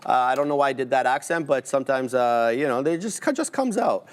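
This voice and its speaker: A man's voice: mid-range voice, animated, a little fast. A man co-hosting a live trading stream, calling out price levels and order fills as they happen, with playful asides in between. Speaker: day trader co-hosting a live market stream.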